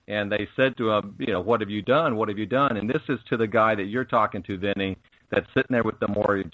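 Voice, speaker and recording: A man's voice: lowish voice, a bit bright, dry recording, poor audio. Emphatic preachy male guest. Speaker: guest, spiritual network host. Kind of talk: casual radio interview.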